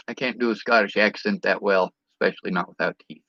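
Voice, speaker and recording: A man's voice: lowish voice, fast talker, hardly any pauses, a bit bright, no room sound, muffled recording. A man venting in a personal vlog rant, bitter and indignant, with frequent swearing.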